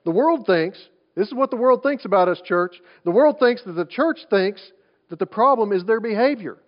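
A pastor delivers a sermon in a conversational preaching style, full of rhetorical questions and repeated restarts. His male voice is high and animated, at normal speed. The recording is lo-fi, with a dull sound.

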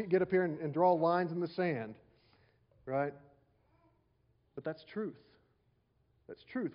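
In a slightly dull, lo-fi recording, a pastor preaches a sermon in a conversational style, repeating lines and posing rhetorical questions. His voice sits a bit high for a man.

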